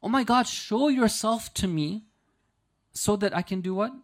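A man's voice: high voice, a little slow, voice pushed up. A man voicing a simple, devoted shepherd who earnestly pleads with God during a storytelling lecture. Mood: pleading.

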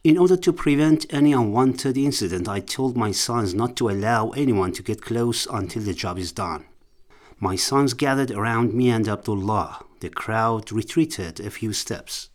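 An actor playing a stern, resolute older tribal leader in a radio drama, speaking in a measured, solemn way. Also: male voice, lowish voice, natural voice. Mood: tense.

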